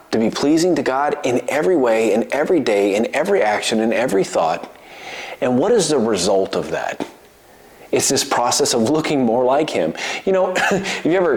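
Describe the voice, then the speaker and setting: A man giving a conversational sermon as a preacher, asking rhetorical questions, chuckling and repeating words as he thinks aloud. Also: mid-range voice. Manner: animated, rhetorical questions, frequent "right?" and "you know?".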